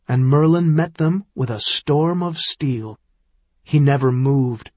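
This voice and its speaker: A man narrating an audiobook in a measured, dramatic storytelling manner. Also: a little high, no room sound, muffled recording.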